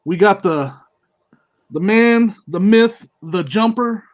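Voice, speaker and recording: Upbeat high-voiced male live-stream host. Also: slow pace, no echo, lo-fi sound. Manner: upbeat, greets chat viewers by name, laughs often. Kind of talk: casual live-stream chat.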